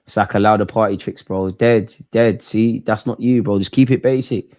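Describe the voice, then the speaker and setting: A young man hosting a live football watch-along, animated and slangy, swinging from loud outbursts to low muttering. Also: normal speed.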